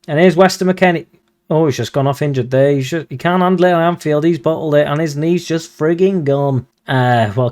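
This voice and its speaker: A man giving casual, excitable commentary over a football management game, swearing when he gets frustrated. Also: medium pitch. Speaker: video game streamer.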